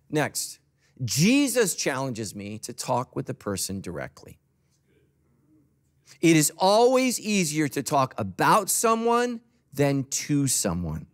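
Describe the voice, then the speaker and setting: A man's voice: a little high, huge pitch swings, takes it slowly. A middle-aged man preaching a sermon as pastor, conversational and joking, acting out quoted voices. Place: church auditorium.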